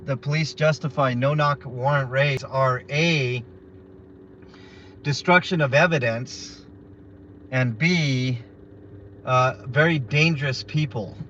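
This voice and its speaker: Blunt man talking from a noisy car. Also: mid-range voice. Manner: blunt and opinionated, chatting to viewers. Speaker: live streamer. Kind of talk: casual live-stream talk while driving. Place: car on the road. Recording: muffled lo-fi with loud road noise.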